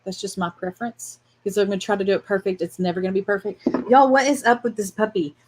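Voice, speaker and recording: A woman's voice: medium pitch, steady tone, quick pace. Chatty woman teaching doodles. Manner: chatty and warm-hearted, laughs often, chats to her dog while drawing. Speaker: art class host. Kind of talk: casual livestream drawing lesson.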